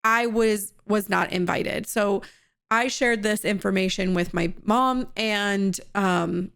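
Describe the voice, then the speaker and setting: A woman's voice: medium pitch, slow, vocal fry, a bit bright, smooth. A woman in her thirties, a coaching host, telling personal stories in a candid, conversational way with some laughs. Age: 30s.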